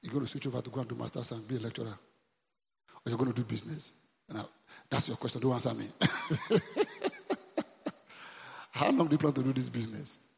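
Gravelly Nigerian pastor preaching in a hall. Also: male voice, mid-range voice, fairly quick, long pauses. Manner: preachy call-and-response, repeating lines to the congregation. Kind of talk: sermon. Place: church.

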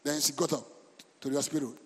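A man preaching a sermon as pastor, lively and breaking into sudden shouts. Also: on the high side, fast talker, husky. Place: church hall. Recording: reverberant church hall.

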